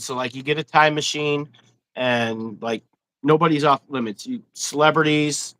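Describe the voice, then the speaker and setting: A man's voice: mid-range voice, pushed and bright, low-quality recording. A man hosting a casual fishing livestream interview, chatty and rambling, laughing often. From Wisconsin. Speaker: host.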